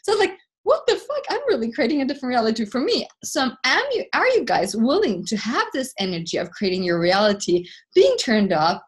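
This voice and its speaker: A woman speaking over a video call, with a slightly husky voice that swings up and down. She tells stories in an excitable, casual way and laughs often. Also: a little high. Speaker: co-host of an online class. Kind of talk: animated casual storytelling.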